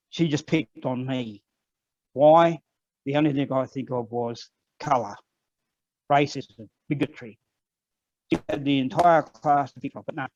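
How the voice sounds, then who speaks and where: An older man with an Australian accent, telling personal stories as a guest in an online conversation, unhurried and with frequent ums. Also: mid-range voice, a little mellow, no echo. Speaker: guest elder. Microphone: video call. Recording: dull lo-fi online call audio.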